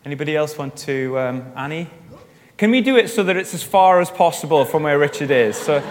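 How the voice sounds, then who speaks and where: A man's voice: a little high, expressive, background noise. Man leading a church group, reverberant hall. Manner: chatty and encouraging, with quick asides. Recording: long reverb in a large hall.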